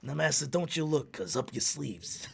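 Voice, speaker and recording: A man voicing a gruff, wisecracking male genie in a tough-guy drawl. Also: on the high side, lively intonation, normal speed, a little hiss or hum. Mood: crooning.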